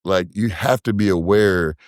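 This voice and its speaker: A deep-voiced man talking loosely on a podcast, full of slang and swearing. He often restarts his sentences. His voice is dry and close to the mic. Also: moderate pace, no echo. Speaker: brewery co-founder guest. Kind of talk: casual podcast conversation.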